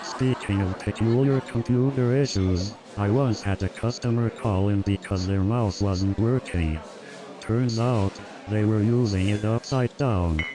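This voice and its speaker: A man's voice: fairly low pitch, measured pace. A synthetic man's voice telling a stand-up comedy routine, rattling off one-liners with chuckles. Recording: loud crowd and music behind.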